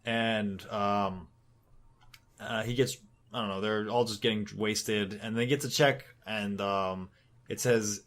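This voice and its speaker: A man's voice: lowish voice, steady tone, slow, a bit bright. A man casually recapping a comic book on a podcast, rambling, laughing and swearing as he goes. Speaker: podcast co-host.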